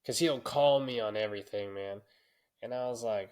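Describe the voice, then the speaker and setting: A man's voice: mid-range voice, steady tone, normal speed. Profane storytelling podcast co-host man. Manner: profane, storytelling, laughs often. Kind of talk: casual podcast chat.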